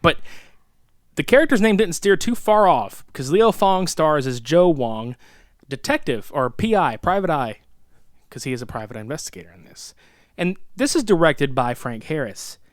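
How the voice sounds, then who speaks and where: A man's voice: a little high, moderate pace, no room sound, clean studio sound. A man in his thirties co-hosting a podcast, reviewing a film in casual, profane chat and acting out its scenes. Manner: excitable, swearing, acts out movie lines. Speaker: podcast co-host.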